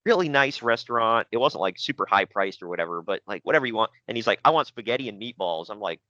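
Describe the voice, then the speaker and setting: A man with a lowish, bright, forceful voice hosts a podcast, talking fast with lively intonation. He rambles through stories about his friends in casual chat, laughing frequently and mimicking them. The recording is dry and muffled.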